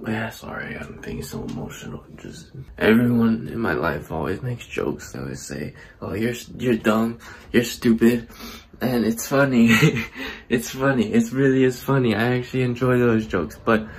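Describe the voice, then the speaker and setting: Young guy vlogging, gravelly kinda fry voice, rambly and stop-start, jokes at his own expense. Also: medium pitch. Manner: rambling, halting, with many restarts; self-deprecating. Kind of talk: casual talk to camera.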